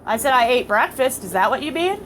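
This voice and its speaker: A woman's voice: high voice, very animated, brisk, heavy background noise. A middle-aged woman telling a story in casual chat, acting out other people's lines. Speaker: family vlogger. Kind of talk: casual storytelling while playing a phone game.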